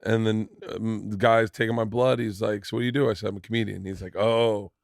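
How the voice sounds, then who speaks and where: Man, middle-aged, podcast host, gravelly voice, laughs a lot, dry mic. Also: lowish voice, fairly even intonation, fairly quick, no room sound. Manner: laughs often, swears, reacts with enthusiasm. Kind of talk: casual podcast chat.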